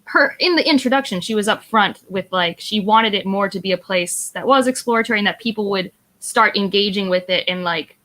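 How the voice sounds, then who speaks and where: A woman's voice: mid-range voice, fairly quick, hardly any pauses, a bit bright. A woman on a video call in a casual book club discussion, chatty and full of "like". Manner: chatty, lots of "like".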